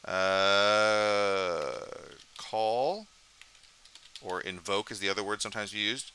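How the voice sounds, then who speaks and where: A man's voice: fairly low pitch, slow pace, long pauses, bright, forceful tone, a little hiss or hum. A man teaching a college programming lecture, talking casually while coding live, thinking aloud and asking the class questions.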